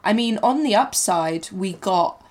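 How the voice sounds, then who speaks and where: A woman chatting on a relaxed film podcast. Her voice is mid-pitched, and she talks expressively with plenty of agreeing murmurs. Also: measured pace. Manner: chatty, lots of backchannel, expressive asides. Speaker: podcast co-host. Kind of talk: casual film chat.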